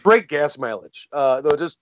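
A man's voice: fairly high pitch, expressive, a little slow, dry recording, highs cut off. A man telling a rambling, self-deprecating story in casual chat. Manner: rambling, self-deprecating, many fillers and restarts.

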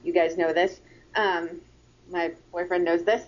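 A woman guest speaks very slowly on a casual podcast, halting with ums and small giggles. The audio is dull and lo-fi. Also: on the low side, flat delivery. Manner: slow, halting, with frequent um and giggles. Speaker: podcast guest, sketch comedy writer. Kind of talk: casual chat.

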